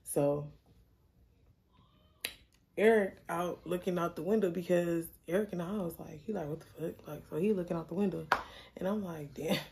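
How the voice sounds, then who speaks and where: A young adult woman telling a story in a casual, blunt, animated way, swearing freely. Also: fairly low pitch, normal speed, creaky, pauses often, background noise. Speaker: storyteller vlogger.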